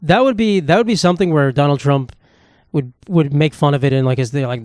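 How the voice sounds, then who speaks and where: Young male podcast host, rapid rambling monologue, crude and self-deprecating, dry close sound. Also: on the high side, darkish tone, no room sound. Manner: rambling, profane, self-mocking. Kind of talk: casual solo podcast monologue. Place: home room with knickknacks.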